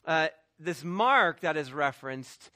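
A man's voice: a little high, animated, slow, sharp tone, dry recording, studio quality. A man preaching a sermon as pastor, emphatic, with restarts and quoted asides.

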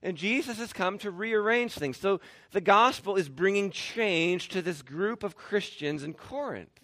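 A man preaching a sermon, animated, with sarcastic bursts and laughs. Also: high voice, a little slow. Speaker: pastor.

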